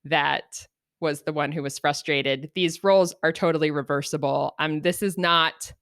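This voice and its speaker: A middle-aged woman co-hosting a podcast, talking earnestly and reflectively, lively when she acts out everyday examples. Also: low-pitched, moderate pace. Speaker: podcast co-host. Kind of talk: reflective conversational podcast talk.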